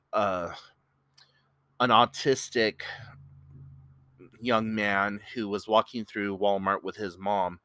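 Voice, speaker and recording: Bright-voiced man, rambling earnest podcaster. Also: on the low side, no room sound, studio quality. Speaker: podcast host. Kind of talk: casual solo podcast storytelling.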